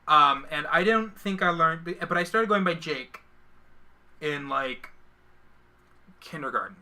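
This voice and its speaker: A man's voice: fairly high pitch, expressive, takes it slowly, pushed and bright. A man co-hosting a casual live stream, joking and poking fun at himself. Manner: jokey, self-mocking. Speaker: stream co-host.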